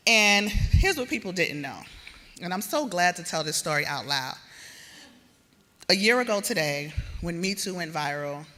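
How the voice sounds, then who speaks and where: A woman giving a speech at a gala, lively and laughing as she coaxes the crowd. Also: on the low side. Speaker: award presenter and gala speaker. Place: large event hall with a crowd. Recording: echoey hall with crowd murmur.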